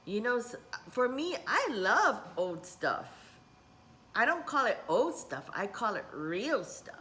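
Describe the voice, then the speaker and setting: A woman's voice: a little high, very animated, slow pace. A middle-aged woman who teaches spiritual workshops, rambling in a casual vlog and dropping in Japanese words. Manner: rambling, warm-hearted, mixes in Japanese words.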